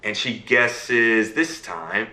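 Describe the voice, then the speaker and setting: A man on a video call telling a fairy tale aloud in a lively storytelling manner, checking in with his listener as he goes. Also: fairly low pitch, drawn-out words, echoey room, full character voice.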